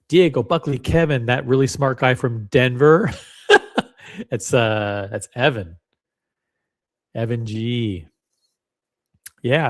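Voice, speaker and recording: Rambling, joking male livestream host. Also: medium pitch. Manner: rambling, joking, self-deprecating. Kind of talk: casual livestream chat.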